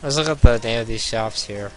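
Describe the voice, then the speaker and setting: A young man hosting a let's play, reading a visual novel aloud and joking between passages in an animated way. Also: mid-range voice, a little fast, soft background music. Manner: animated, jumping between narration and jokes.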